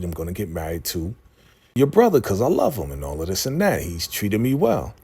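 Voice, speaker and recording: A man casually recapping a TV episode, acting out the characters' lines in a lively retelling. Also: sits low, husky. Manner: animated retelling, acting out characters' lines, frequent "you know what I'm saying". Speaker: TV recap host.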